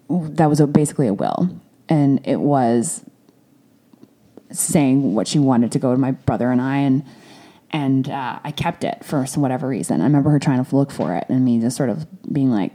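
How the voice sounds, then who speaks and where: A woman's voice: rumbling low, dark tone. A woman telling a painful personal story in a candid monologue, frank and swearing freely, with many restarts and an emotional edge. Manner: emotional, at times near tears. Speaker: storyteller recounting a family crisis.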